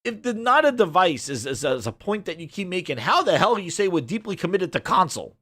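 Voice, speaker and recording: A man streaming games, ranting and sarcastic as he reads a web page aloud, muttering low over the text and swearing when he gets worked up. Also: sing-song, a little fast, bright, forceful tone. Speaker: gaming streamer. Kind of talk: ranting commentary while reading a web page.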